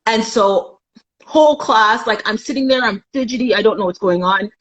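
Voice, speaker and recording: A woman's voice: a little high, normal speed, a bit bright, poor audio. A young adult woman from Canada, a guest in a live chat, telling a painful personal story candidly and acting out the voices of the people in it.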